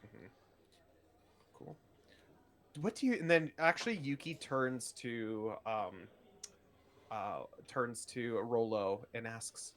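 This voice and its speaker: A man playing in a tabletop game, reacting and asking questions in an excitable way. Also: slow, pauses often. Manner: excitable, swoops between high and low in questions and reactions. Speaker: player. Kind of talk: casual tabletop play.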